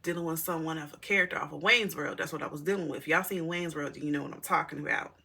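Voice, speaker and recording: A middle-aged woman vlogs candidly to her viewers, speaking to them as y'all. Her low voice has a gravelly, slightly husky edge, yet it sounds bright and forward. She rambles through an emotional personal story. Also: fast. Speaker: single mother vlogger.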